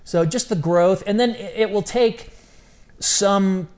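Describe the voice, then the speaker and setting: A middle-aged man talking as a podcast guest in casual interview chat, animated and repeating phrases for emphasis. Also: high voice, takes it slowly. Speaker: podcast guest, ministry founder.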